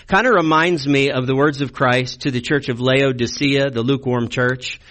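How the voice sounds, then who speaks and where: A man's voice: medium pitch, steady tone, normal speed, hardly any pauses, fairly bright tone. A man preaching a sermon as a pastor, conversational and wry, leaning on rhetorical questions and dry humor.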